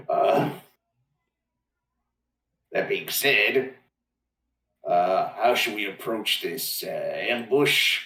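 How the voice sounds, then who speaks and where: A man's voice: on the low side, drawn-out words, pauses often, bright, forceful tone, echoey room. A man playing a tabletop game, joking and playful in casual chat. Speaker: player.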